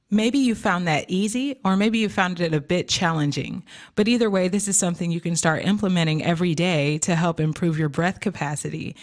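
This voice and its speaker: Lower-pitched woman vocal coach teaching. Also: expressive, normal speed, background noise. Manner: clear, encouraging step-by-step instruction, counting exercises aloud. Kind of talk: instructional video lesson.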